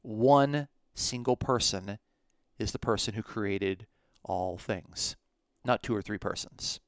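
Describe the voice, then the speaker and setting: A man with a smooth, somewhat low voice teaches scripture at an unhurried pace. He leans on key words for emphasis and reads out Greek. The recording is close and dry, with no room sound. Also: dry recording. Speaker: Bible teacher.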